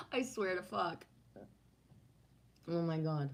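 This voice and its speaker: A woman with a fairly low voice chats loosely with her livestream viewers and reads their messages aloud. She rambles from one story to the next and swears freely along the way. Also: expressive, drawn-out words. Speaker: livestream host reading chat. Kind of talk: casual chat.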